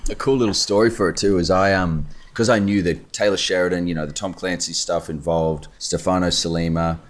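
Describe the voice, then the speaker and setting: A man, a guest actor, telling an animated story in casual chat. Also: deep voice, fairly quick. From Australia. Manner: animated storytelling, quoting others.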